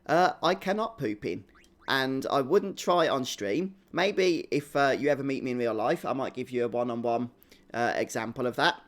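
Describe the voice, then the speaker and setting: A man's voice: medium pitch, normal speed. A young man with a Birmingham accent commentating a live game stream, chatting with viewers in a self-deprecating, laughing way. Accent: Birmingham (Brummie). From England. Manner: chatty, reads and answers chat viewers.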